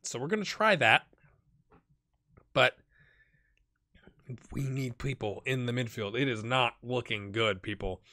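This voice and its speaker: Guy with a cold rambling thru a football manager save, bright tense voice, wry little asides. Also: medium pitch, a little slow, pauses often. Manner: chatty, thinking aloud, wry asides. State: has a cold. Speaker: game commentator. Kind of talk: casual let's play commentary.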